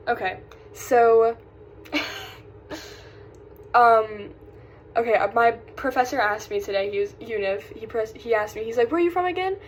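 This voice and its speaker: This rough recording, carrying slight background noise, features a young South Carolina woman with a light Southern twang talking casually in her vlog. Her voice sits fairly high with a steady tone, and she speaks slowly with long pauses. Distracted and sighing, she wanders off topic and often loses her thread.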